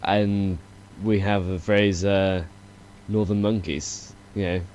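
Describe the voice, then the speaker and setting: A man's voice: sits low, level tone, slow, darkish tone, muffled recording, a little hiss or hum. A man with a Southwest English accent, chatting on a podcast, playful and laughing often. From Southwest England. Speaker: podcast guest. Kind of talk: casual chat.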